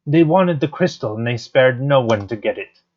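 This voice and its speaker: A man's voice: mid-range voice, lively intonation, moderate pace, darkish tone, close to an everyday voice. A man reading the lines of a timid, grieving young prince from a game. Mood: sad. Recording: dull lo-fi stream audio, faint guitar music.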